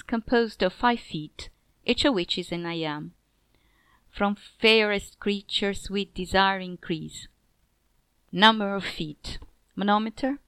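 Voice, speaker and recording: A woman narrating a scripted lesson on poetry in a measured way, dropping her pitch at the end of each line. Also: fairly bright tone, dry recording. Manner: measured, clear, drops pitch at line ends.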